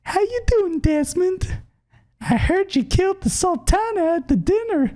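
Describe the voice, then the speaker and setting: A man voicing a crude, teasing middle-aged woman innkeeper in a squeaky falsetto. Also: animated, a little slow, mellow. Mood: mocking.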